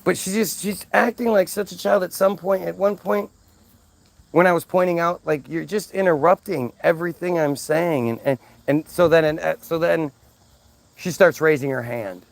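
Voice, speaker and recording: Brief: male vlogger, fairly high gravelly voice, profane exasperated storytelling. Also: normal speed. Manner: exasperated, profane, lots of restarts. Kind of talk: casual story-telling rant.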